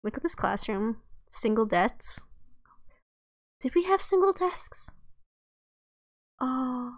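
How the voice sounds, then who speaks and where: A woman's voice: on the high side, very animated, takes it slowly, dry recording, studio quality. Gushing woman reacting to a game. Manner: gushing, exclamatory, chatty. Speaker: let's play streamer. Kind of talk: reacting while reading a visual novel aloud.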